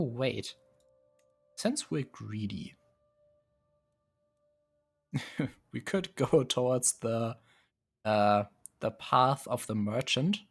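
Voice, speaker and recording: A man's voice: mid-range voice, vocal fry. A man streaming live, casually musing and hesitating as he sets up a strategy game, chuckling often. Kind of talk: casual live gameplay commentary.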